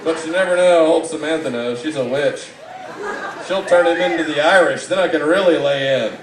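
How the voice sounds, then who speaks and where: A man's voice: on the high side, normal speed, noisy background. Mocking man roasting from a distant mic. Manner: mocking, rambling, shifts into loud outbursts. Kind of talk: live stand-up roast set. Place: live event room. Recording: echoey room, distant mic, audible background.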